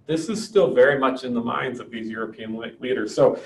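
A man's voice: medium pitch, a little fast, gravelly, a little hiss or hum. A man teaching a history lecture in a conversational way, often checking in with "right?". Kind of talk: classroom lecture. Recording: distant echoey room with faint ambience.

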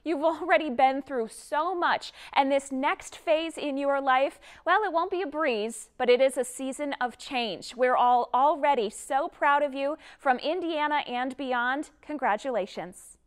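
A woman's voice: high-pitched, unhurried, hardly any pauses. A female meteorologist reads a scripted, pun-filled congratulation message. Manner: bright, scripted, punning delivery.

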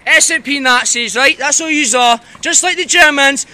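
A man shouting and swearing as he argues with street campaigners, recorded outdoors on a city street on a hand-held phone. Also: extremely high pitch, moderate pace. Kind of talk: heated street argument. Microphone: phone camera held by the speaker.

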